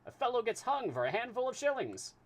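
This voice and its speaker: A man voicing a nervous, dogmatic male detective in a live reading of a classic novel, speaking high, loud and insistent. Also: sing-song, brisk, exaggerated voice. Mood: eager.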